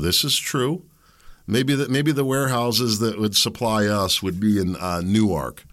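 A man's voice: mid-range voice, animated, measured pace, a bit bright. A man hosting a solo commentary show, rambling and opinionated, with sardonic asides. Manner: rambling, opinionated, sardonic, with mocking put-on quotes. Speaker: podcast host.

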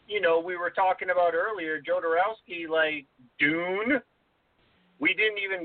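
A man's voice: high voice, lively intonation, unhurried, gravelly, dry recording. A man co-hosting a podcast in casual chat, laughing often and restarting his sentences. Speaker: podcast co-host. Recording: tinny phone-like dry sound.

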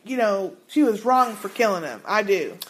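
A woman's voice: medium pitch, lively intonation, normal speed. A woman co-hosting a casual podcast, reading listener emails aloud and adding her own comments. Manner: reads emails aloud with asides and laughs.

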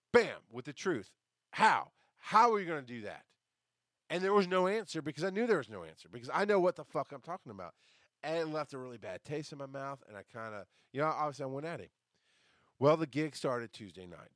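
Man, podcast host, casual storytelling, loud bursts then quiet asides, swears while ranting, middle pitch, dry close sound. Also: no echo. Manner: animated, swings between loud outbursts and quiet asides.

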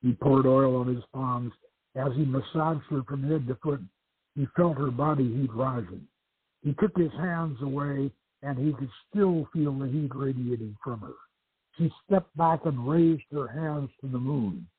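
A man hosting a radio show, reading his own novel aloud in measured storytelling narration, over a tinny phone-like radio line. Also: medium pitch, husky, no echo.

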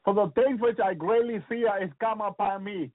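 Speaking at normal speed in a voice that sits high, a radio preacher passionately relates his visions, repeating words and breaking in with hallelujahs. There's no echo, though the sound is tinny and phone-like.

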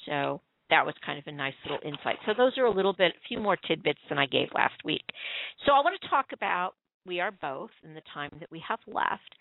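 A woman's voice: medium pitch, vocal fry, no echo. A woman on a call-in show, chatting at length and reading her own review aloud over the phone. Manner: talkative, running on in long explanations. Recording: tinny dry phone line.

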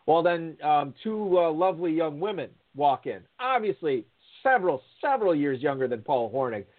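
A man's voice: fairly high pitch, normal speed. Man telling a story over a phone line. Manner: rambling, animated storytelling with many fillers and restarts. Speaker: guest storyteller. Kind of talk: casual anecdote telling.

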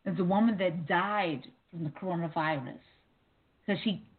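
A lowish-voiced woman chats on a talk radio show, rambling and restarting, leaning on "like" between thoughts. The sound is thin and narrow, like a phone line. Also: moderate pace. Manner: rambling, many "like" fillers, restarts. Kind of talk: casual talk radio chat. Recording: tinny phone-like audio.

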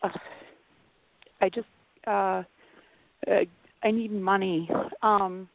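A woman with a Midwestern American accent rambles hesitantly through a call-in, stopping and restarting often. Her voice sits at a middle pitch. It comes through a dry, tinny phone line. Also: little pitch movement, slow, creaky, no room sound. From Wisconsin, USA. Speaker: caller. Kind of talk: radio call-in.

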